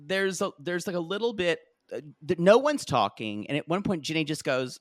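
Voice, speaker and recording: A man co-hosting a casual reality-TV recap podcast, jokey and animated, often mimicking the cast in high mocking voices. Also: moderate pace, dry recording, clean studio sound. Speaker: podcast co-host.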